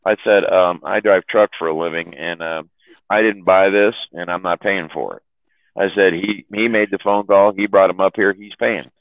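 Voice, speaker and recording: A man's voice: sits low, steady tone, normal speed, no echo. A man telling a long profane story in casual chat, rambling and laughing at his own jokes. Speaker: chat room host telling stories. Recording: dry, phone-like audio.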